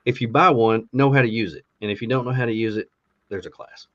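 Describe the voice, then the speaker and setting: A man's voice: mid-range voice, fast, fairly bright tone. A man co-hosting a podcast, casually reading through a list of classes with many ums and uhs. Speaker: podcast co-host. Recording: dull lo-fi sound.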